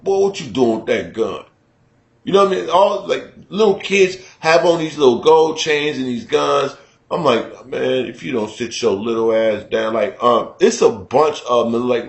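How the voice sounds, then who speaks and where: A Chicago man riffs on air with blunt, swearing energy, and his voice swings a lot from phrase to phrase. The room lends it a clear echo. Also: mid-range voice. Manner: animated, blunt, swearing storyteller. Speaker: radio host. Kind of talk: casual profane radio chat.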